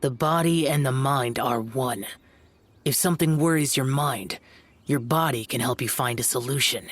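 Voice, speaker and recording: A man's voice: mid-range voice, normal speed, a bit bright, a little hiss or hum, lightly acted. A man voicing a stern, aloof young male guardian spirit in a video game, lecturing curtly over music. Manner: cold, lecturing, curt.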